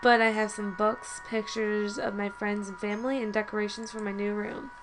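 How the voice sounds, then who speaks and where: A woman's voice: mid-range voice, level tone, normal speed, hardly any pauses, over music, low-quality recording. A woman reading a story game aloud with chatty asides, often stumbling and correcting herself. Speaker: let's play host.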